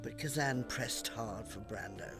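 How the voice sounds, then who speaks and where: A male documentary narrator giving scripted narration in a smooth, even-paced delivery. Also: fairly low pitch, unhurried. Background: music.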